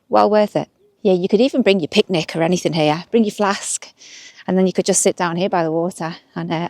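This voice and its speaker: A woman's voice: on the low side, darkish tone, no echo. A young woman from north-west England chatting to camera while walking outdoors, upbeat and laughing easily. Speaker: vlogger. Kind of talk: casual walking vlog to camera. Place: outdoors by a waterside path.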